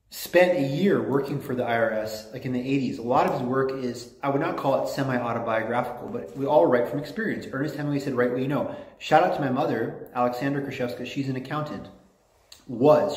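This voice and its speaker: A man lectures to a class in a loose, chatty way and wanders off on enthusiastic tangents. His voice sits at a middling pitch. The recording has a noticeable roomy echo. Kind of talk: informal lecture with readings aloud.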